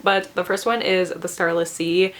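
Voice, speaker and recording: A woman's voice: lowish voice, steady tone, normal speed, a bit bright. A young woman chatting casually to camera as a book vlogger, gushing and laughing often, with many fillers.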